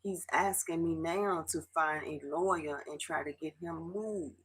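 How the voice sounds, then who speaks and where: A middle-aged woman from Baltimore in an emotional confessional vlog, tearful and halting, sometimes dropping to a near whisper. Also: low-pitched, husky, poor audio. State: tearful, fighting back tears. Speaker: vlogger.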